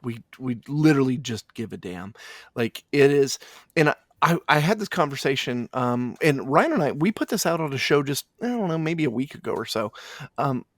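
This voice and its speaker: Guy, funeral director, kinda halting, keeps restarting, dry close sound. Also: medium pitch, animated, dry recording. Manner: halting and reflective, with frequent restarts. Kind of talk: casual interview chat.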